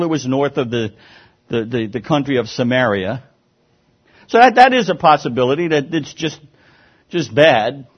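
A man preaching a sermon, lively and emphatic, often restarting his words. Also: a little high. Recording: dull lo-fi sound.

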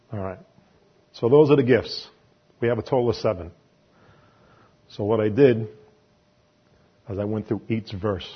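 Husky New York man preaching casually. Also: on the low side, lo-fi sound. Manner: chatty and conversational, with self-deprecating asides and laughs. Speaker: lay preacher. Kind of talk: informal sermon.

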